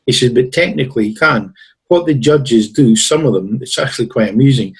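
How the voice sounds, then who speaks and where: A man with a husky, breathy voice at an ordinary pitch. He is a guest on a talk show and tells rambling stories in a conversational way, slipping into the lines of the people in them. His throat sounds a bit tickly. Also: brisk, low-quality recording. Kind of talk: storytelling in a conversation.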